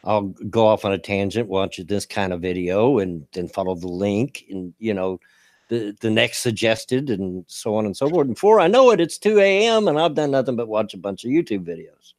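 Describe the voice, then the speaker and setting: A man's voice: fairly low pitch, animated, normal speed, dry recording, studio quality. Laid-back American man, chatty host. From United States. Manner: laughs easily, folksy and chatty. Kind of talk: casual live-stream chat.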